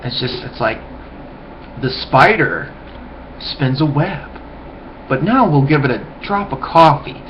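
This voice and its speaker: A man's voice: mid-range voice, animated, a little slow, pauses often. A man rambling through a loose, profane webcam monologue, often trailing off and mumbling. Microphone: webcam mic. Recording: dull lo-fi webcam audio, faint hiss.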